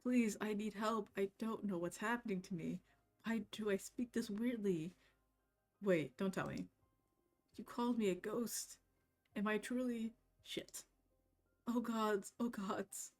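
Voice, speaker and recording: A woman reading the lines of a gentle, confused ghost in a game, speaking softly and hesitantly. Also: medium pitch, measured pace, soft background music. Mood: anxious. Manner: soft, hesitant, apologetic. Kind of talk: reading game dialogue aloud.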